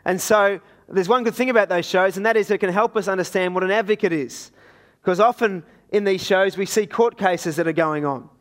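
A man's voice: high voice, a bit bright. A man with an Australian accent preaching a sermon in a conversational, storytelling way.

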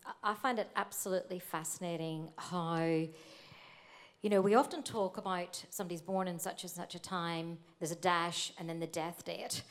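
A middle-aged woman, a pastor, telling lively anecdotes in an interview. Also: on the low side, normal speed. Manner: lively, animated storytelling.

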